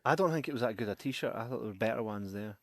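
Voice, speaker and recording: A man's voice: medium pitch, fast, no echo, clean studio sound. A young man co-hosting a film-review podcast, joking and bantering in casual chat and reading out listener comments. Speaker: podcast co-host.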